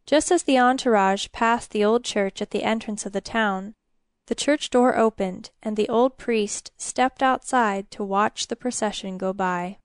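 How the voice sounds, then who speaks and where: A woman's voice: medium pitch, a little slow, clean tone, no echo. Woman reading a storybook, dry close sound. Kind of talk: scripted storybook narration.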